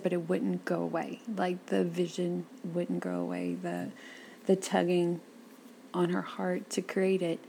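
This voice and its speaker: Gravelly woman telling stories. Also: fairly low pitch, a little hiss or hum. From south Louisiana. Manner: lively storyteller acting out quoted speech. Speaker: interview guest. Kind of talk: casual storytelling interview.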